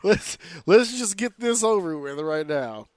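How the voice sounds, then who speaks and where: Animated, profane man ranting about wrestling. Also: high voice, a little slow, a little hiss or hum. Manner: animated, profane, rants excitedly. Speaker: podcast co-host. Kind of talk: casual wrestling podcast chat.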